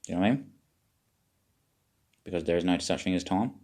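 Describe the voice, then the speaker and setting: Casting: man, very low voice, meandering vlog monologue, muses aloud. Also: a little fast, darkish tone. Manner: meandering, self-questioning, occasional swearing. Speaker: vlogger. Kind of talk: rambling spiritual monologue.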